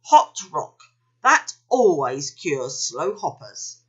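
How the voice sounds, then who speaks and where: A woman's voice: low-pitched, very animated, a bit bright, slightly rough, lo-fi sound, full character voice. Big Red, a woman voicing a bossy kangaroo. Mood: brisk. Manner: brisk, commanding. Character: bossy male kangaroo leader, brisk fixer.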